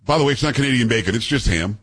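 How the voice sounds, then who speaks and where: A man's voice: mid-range voice, expressive, very fast, fairly bright tone, slightly rough. A middle-aged man hosting a talk radio show, chatting and joking casually with his co-host on a studio mic. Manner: chatty, joking, self-promoting. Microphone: studio broadcast mic.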